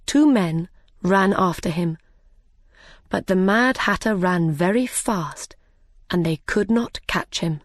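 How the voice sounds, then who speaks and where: Slow, clear woman reading a story. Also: on the low side, no echo, studio quality. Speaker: narrator. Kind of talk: slow graded-reader narration.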